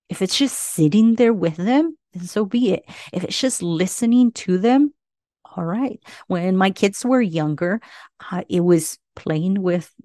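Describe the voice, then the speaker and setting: A woman's voice: on the low side, warm tone, dry recording, clean studio sound. A middle-aged woman hosting a parenting podcast, speaking earnestly and often checking in with "right?". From Latino family. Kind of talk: advice monologue.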